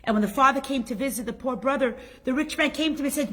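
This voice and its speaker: Middle-aged woman teacher, fairly high and breathy, emphatic storytelling lesson. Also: quick pace, fairly bright tone. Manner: emphatic storytelling with rhetorical questions. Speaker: Torah class teacher. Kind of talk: spoken Torah lesson.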